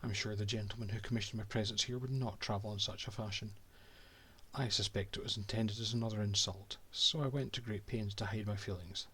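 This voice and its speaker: A man's voice: on the low side, fairly even intonation, a little fast, bright, forceful tone, husky, heavily acted. A Scottish man reading as a pompous cartographer. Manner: pompous, old-fashioned diary prose. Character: haughty male Scottish cartographer writing his diary. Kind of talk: reading a game diary aloud.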